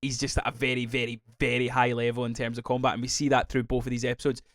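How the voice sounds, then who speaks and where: A Scottish man chatting on a podcast, rambling and lively and swearing as he goes. His voice sits at a middle pitch. The sound is dry and close, with no room around it. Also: fast, no echo. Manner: rambling, animated, swears freely. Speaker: podcast co-host. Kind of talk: casual chat.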